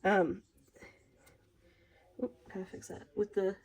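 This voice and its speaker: A woman's voice: mid-range voice, flat delivery, slow pace, a little mellow, rough recording. A woman with a Minnesotan accent, talking casually through a stamping craft tutorial in a chatty, rambling way, often laughing at herself. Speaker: craft demonstrator.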